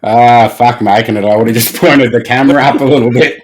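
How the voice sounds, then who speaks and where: Swearing podcast host. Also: male voice, medium pitch, fairly even intonation, a little fast, a little hiss or hum. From Australia. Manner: swears freely, laughs often. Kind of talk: casual podcast chat.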